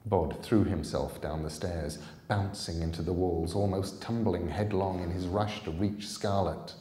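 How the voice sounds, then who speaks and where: A man reading a novel aloud in a calm, deliberate storytelling manner. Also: sits low, echoey room. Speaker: storybook reader.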